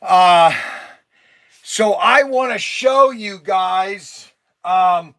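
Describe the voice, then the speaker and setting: A man hosting a toy shop live stream, an excitable pitchman who rambles and breaks into shouts, his voice strained from days of nonstop talking. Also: extremely slow. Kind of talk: casual live-stream sales talk. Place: inside a toy shop among shelves.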